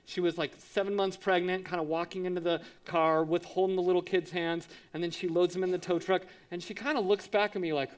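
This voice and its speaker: High-voiced man telling a sermon story. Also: a little fast, hardly any pauses, smooth. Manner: animated, acts out quotes with sound effects. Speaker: pastor.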